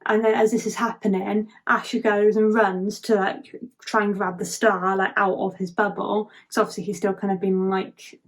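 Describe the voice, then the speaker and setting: A woman's voice: medium pitch, level tone, normal speed. A woman vlogger chatting casually as she retells a film plot, giggling and leaning on the filler "like".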